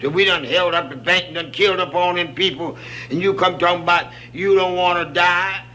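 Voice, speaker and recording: Guy spinning jokes, bright sharp voice, chuckles at his own lines, faint hum behind. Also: high voice, rough recording. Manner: laughs at his own jokes, drawn-out punchlines. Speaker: storyteller telling jokes. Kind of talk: folksy joke telling.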